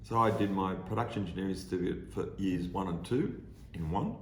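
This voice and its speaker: A man's voice: low-pitched, fairly quick, echoey room, slight background noise. An older Australian man, a podcast guest, telling stories casually and acting out the people in them. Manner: animated storyteller, acts out voices. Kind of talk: casual storytelling.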